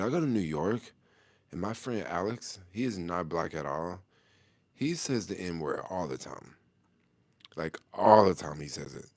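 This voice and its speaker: A middle-aged man with a deep, low voice talks loosely to camera, full of street slang and easy chuckles. He answers a viewer's question in an unhurried, conversational vlog style. The sound is close and dry, with no room around it. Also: darkish tone, no room sound. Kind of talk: casual talk to camera.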